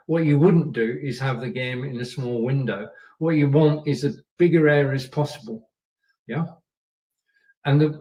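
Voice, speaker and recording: A man's voice: medium pitch, a little mellow, recorded from a distance, rough recording. A man hosting a live show and giving coaching tips in a chatty way. He often repeats his points and checks in with his viewers. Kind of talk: coaching talk on a live stream. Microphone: camera and microphone.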